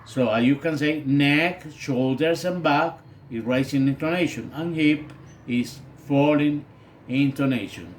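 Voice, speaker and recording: Brief: man teaching English, slow and hesitant, faint background noise. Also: on the high side. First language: Spanish. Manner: hesitant, with many fillers. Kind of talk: recorded video lesson.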